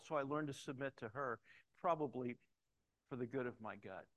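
A middle-aged pastor preaches a sermon full of personal stories, chatting in a storytelling way and turning emphatic at points. His mid-range voice is fairly bright and fairly quick, captured in a low-quality recording.

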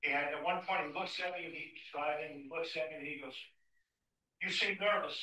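A man preaching a sermon to his congregation, telling a travel story with acted-out dialogue before turning quiet and earnest. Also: a little high, steady tone, fast talker, echoey room, distant mic, poor audio. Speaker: pastor. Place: church sanctuary.

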